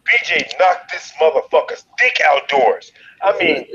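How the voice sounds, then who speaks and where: A man from Chicago telling a wild story in an interview, profane and animated, leaping into loud quoted voices. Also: on the high side, moderate pace, breathy edge, lo-fi sound. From Chicago, USA. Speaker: guest, fighter.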